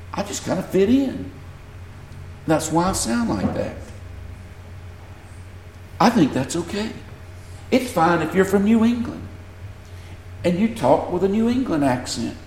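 A man's voice: sits high, expressive, measured pace, long pauses, reverberant, a little hiss or hum. A man with a Southern US accent preaching a sermon, earnest and building to emphasis when he reads scripture. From Southern United States. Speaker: pastor.

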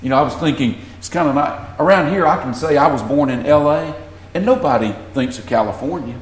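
A pastor with a Southern US accent speaks a little fast in a voice on the high side, preaching an earnest sermon that builds in emphasis over scripture passages. His voice is reverberant.

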